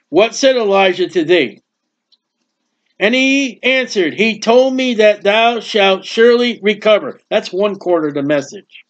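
A high-pitched man preaches through a Bible chapter verse by verse, hammering points with repetition and slipping in quick conversational jokes. The recording is dull and lo-fi, with the top end muffled. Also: animated.

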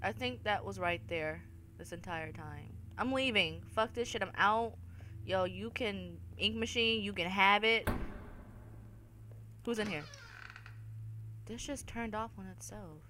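A woman's voice: medium pitch, unhurried, pauses often, a little hiss or hum. A woman hosting a horror game let's-play, swearing and crying out in fright while talking to her viewers. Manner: jumpy, swearing, loud frightened outbursts; talks to viewers as y'all. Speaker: gaming video host.

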